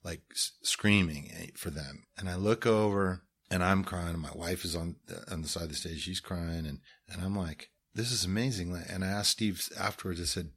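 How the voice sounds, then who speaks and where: A man's voice: sits low, normal speed, few pauses, a bit bright, slightly rough. A middle-aged man, a musician talking about his film, telling stories in an earnest, rambling way with many restarts. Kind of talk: conversational storytelling.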